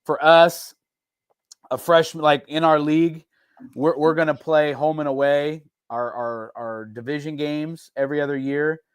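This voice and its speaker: A man's voice: on the high side, measured pace, clear, resonant tone, dry recording. Man, football coach, casual rambling talk, restarts, dry close mic. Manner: relaxed, rambling, frequent restarts and fillers. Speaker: head football coach, guest. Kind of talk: casual podcast conversation.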